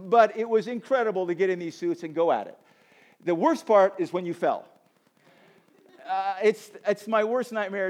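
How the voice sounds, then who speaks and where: A man giving a conversational, animated sermon to a college audience, using casual asides and self-deprecating humor. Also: high voice. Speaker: campus chapel speaker. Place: college auditorium with a live audience.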